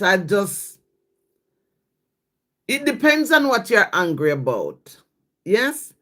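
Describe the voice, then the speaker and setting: A livestream host talking slowly and unhurriedly, with a pitch that rises and falls a great deal. The delivery is a casual devotional chat, full of thanks to viewers by name and a questioning "yes?" after each thought. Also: fairly bright tone. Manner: reads scripture and viewer comments aloud.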